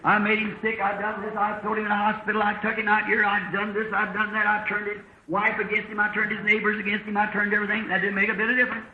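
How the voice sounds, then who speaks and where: Folksy high-voiced preacher, old echoey tape. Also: male voice, monotone, fast talker, hardly any pauses, highs cut off. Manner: folksy storytelling preacher, acting out dialogue with shifting voices. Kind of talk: sermon.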